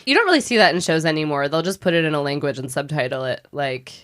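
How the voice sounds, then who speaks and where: Woman, podcast co-host, chatty, giggly, low voice. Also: animated, fairly bright tone. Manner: chatty and giggly, talks in quick bursts. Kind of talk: casual chat.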